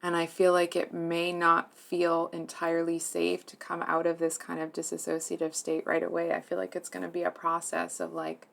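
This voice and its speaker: A woman giving a tarot reading to her viewers, speaking softly and hesitantly, earnest and emotionally moved, with many fillers and restarts. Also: lowish voice, monotone, moderate pace, creaky, few pauses. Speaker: tarot reader.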